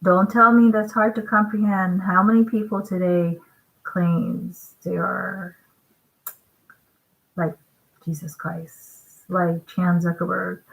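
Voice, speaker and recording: A woman preaches through scripture in an unhurried, measured way, pressing each point home. Her voice sits on the low side. She keeps turning to her listeners with rhetorical questions as she works through the text. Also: fairly even intonation, creaky, narrow, tinny audio. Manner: emphatic, deliberate, with rhetorical check-ins. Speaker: online preacher. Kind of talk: sermon-style scripture commentary.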